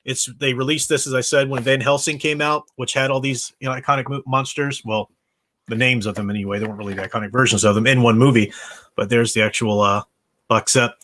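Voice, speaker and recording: A man's voice: mid-range voice, fairly even intonation, fast, sharp tone. A man hosting a casual movie-rewatch livestream, rambling with many restarts over a computer mic. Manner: rambling, with frequent fillers and restarts.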